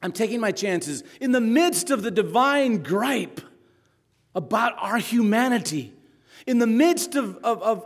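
A man preaching a sermon dramatically, dropping to a hush and then rising loud, and arguing with imagined listeners. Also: high-pitched, breathy edge. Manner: dramatic, swings between hushed and loud. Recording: long hall reverb.

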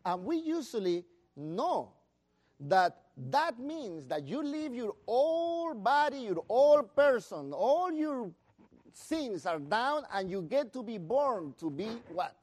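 A man's voice: very high-pitched, sing-song, slow, darkish tone. A man preaching a sermon, telling the story with animation and acting out the disciples' voices, with some non-native phrasing.

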